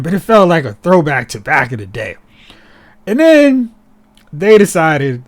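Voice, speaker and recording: A man with a somewhat raised pitch hosts a casual podcast. His talk is animated and full of sarcasm, and he often mocks characters as he goes. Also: moderate pace. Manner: animated and sarcastic, mocking characters in put-on voices. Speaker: podcast host.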